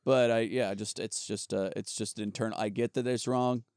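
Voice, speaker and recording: A man's voice: fairly low pitch, steady tone, normal speed, smooth, no room sound. Crude laughing comedian man, dry close mic. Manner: laughs often, crude, shouts mock rants. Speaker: podcast co-host, comedian. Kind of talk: casual comedic banter.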